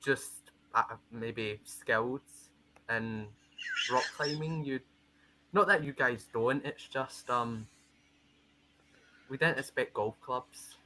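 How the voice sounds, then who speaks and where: A fumbling, uncertain employer, played by a man who keeps tripping over his words. The voice is bright and forward. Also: medium pitch, slow pace, long pauses, slight background noise, low-quality recording. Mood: awkward. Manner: hesitant, full of fillers.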